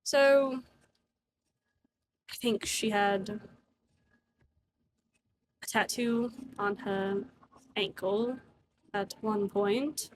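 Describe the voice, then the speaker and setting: A woman's voice: mid-range voice, fairly even intonation, extremely slow, long pauses, noisy background. A woman voicing a tipsy young nobleman in a tabletop game, a callous womanizer who talks in an offhand, drawling, dismissive way.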